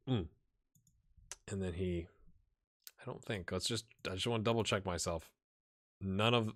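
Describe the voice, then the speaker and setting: A man hosting a gaming channel, thinking aloud in casual commentary and talking straight to his virtual players. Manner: animated, jumps high when excited.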